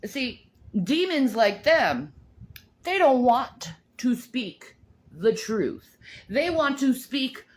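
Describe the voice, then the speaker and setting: A woman's voice: high voice, very animated, drawn-out words. A middle-aged woman ranting on a livestream, swearing and confrontational, often repeating words and restarting her sentences. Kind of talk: livestream rant.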